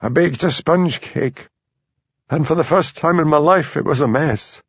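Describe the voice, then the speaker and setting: A man's voice: mid-range voice, a little slow, gravelly, dry recording. A man voicing a frail, ashamed woman in her fifties who speaks in a tearful, faltering way. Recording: dull dry lo-fi audio.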